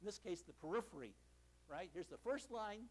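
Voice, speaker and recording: An older man gives a university lecture in a hall, his voice pitched high for a man and fairly quick. His pitch swings freely as he tells stories in an animated way, with dry, self-deprecating jokes.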